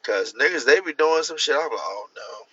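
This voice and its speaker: Quick and animated, a livestream host with a slightly high, sharp voice laughs and acts out the voices he quotes while chatting casually. The audio comes from a distant phone and sounds dull and lo-fi, with a little hiss or hum.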